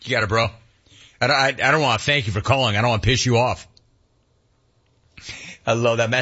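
Middle-aged man, sports talk radio host, husky voice, lively sarcastic rant, slightly dull audio. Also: medium pitch, a little fast, pauses often. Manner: animated, sarcastic ranting.

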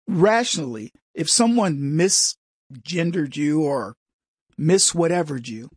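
A man's voice: a little high, animated, slow, slightly rough, no echo, studio quality. A man hosting a commentary show, talking in a rambling way and mimicking voices in his anecdotes. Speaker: show host. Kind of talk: opinionated commentary.

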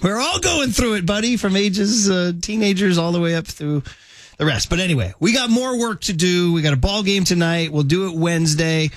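Brisk radio host man, fairly high voice. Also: expressive, no echo. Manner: brisk, friendly, wraps segments up. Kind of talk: casual radio talk show hosting.

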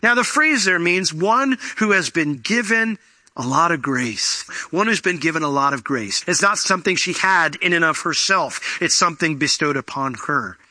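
A man delivers a sermon in a strikingly bright, forceful voice. He talks the congregation through the text, then jumps up high to act out what people say. The sound is close and dry. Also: moderate pace, no echo. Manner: animated, acts out quoted voices with big pitch jumps. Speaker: pastor.

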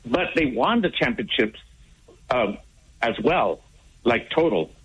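A man's voice: medium pitch, sing-song, slow, a bit bright, husky. A man calling a sports radio show, explaining a point in a rambling, hesitant way. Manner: rambling, hesitant, restarts often. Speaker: caller. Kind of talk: casual phone call to radio show. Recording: dull lo-fi phone line.

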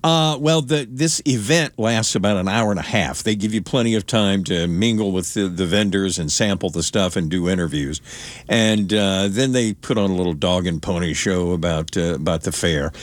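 A man reporting on fair food in a casual, lively on-air chat, telling stories with laughs. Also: low-pitched, moderate pace, no room sound. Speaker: news reporter.

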